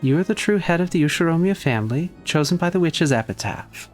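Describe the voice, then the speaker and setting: A player putting on a grand golden witch who speaks in stately, theatrical, old-fashioned phrases. her pitch rises and falls in broad, lively sweeps, and faint music plays underneath. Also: brisk, close to an everyday voice. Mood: grandiose. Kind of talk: reading a visual novel aloud in character.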